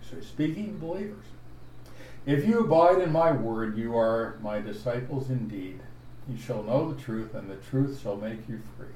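A man preaching an expository Bible sermon, teaching slowly and deliberately and stressing each verse he points to. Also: mid-range voice, animated, mellow. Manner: slow, deliberate teaching with emphatic verse references. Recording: echoey room, voice from afar, faint noise.

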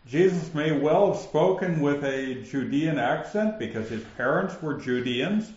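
A man with a northern Minnesota accent teaches scripture at an unhurried, deliberate pace. His speech is flat, and even his questions land like statements. The room is roomy and the sound slightly dull. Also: a little high. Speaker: Bible teacher. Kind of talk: relaxed Bible teaching.

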